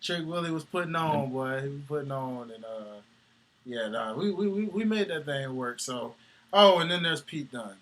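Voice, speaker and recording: Animated slangy man in casual chat. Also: on the high side, normal speed. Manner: animated, slangy, laughs often. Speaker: podcast co-host. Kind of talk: casual wrestling talk.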